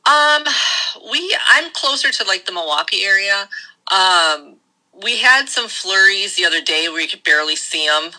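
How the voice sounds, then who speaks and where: A woman's voice: medium pitch, lively intonation, normal speed, bright, forceful tone, poor audio. A woman author with a Wisconsin accent, talking easily from her bedroom at home, with many ums and little laughs. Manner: easygoing, laughs between thoughts, many ums. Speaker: author guest. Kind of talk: casual interview.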